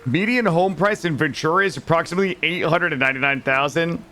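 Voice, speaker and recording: Man, gaming streamer, casual chat, joking, swears, higher voice, faint music behind. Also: fast talker, pushed and bright. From Vermont, USA. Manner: joking, chatty, swears freely, talks to chat. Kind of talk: casual live-stream chat while playing.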